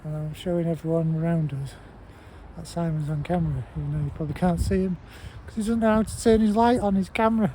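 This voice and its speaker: A man's voice: fairly high pitch, fast, mellow, poor audio. A man rambling and swearing as he vlogs outdoors in a park at night, laughing often. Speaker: paranormal vlogger. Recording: heavy wind noise on mic outdoors.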